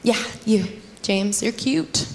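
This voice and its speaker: A young woman performing a stand-up comedy set, chatty and teasing the audience, with sudden high squeals in her bits. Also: slow pace. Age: young adult. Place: comedy club stage. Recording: loud background noise from audience.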